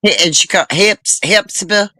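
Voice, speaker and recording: A speaker in a casual group chat who talks haltingly, repeating words and restarting sentences. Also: mid-range voice, pushed and bright, no room sound. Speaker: chat panelist.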